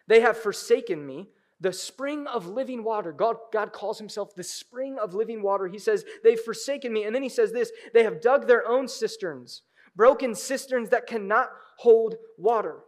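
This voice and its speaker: A high-voiced man delivers a sermon from the pulpit of a church. He drops to near-whispers, then rises to loud, urgent appeals to the congregation. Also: moderate pace. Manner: dynamic preaching, swings from hushed to loud. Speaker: pastor. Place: church sanctuary.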